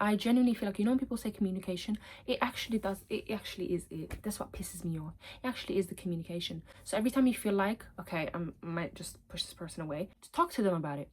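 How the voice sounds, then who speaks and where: A young woman from Algeria chatting casually, answering viewer questions with blunt, frank advice and switching between English and Arabic. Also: medium pitch.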